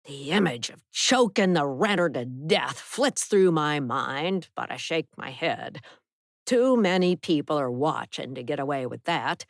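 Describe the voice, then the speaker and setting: Woman audiobook narrator, slow, low-pitched, measured, dry studio sound. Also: dry recording. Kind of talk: scripted narration.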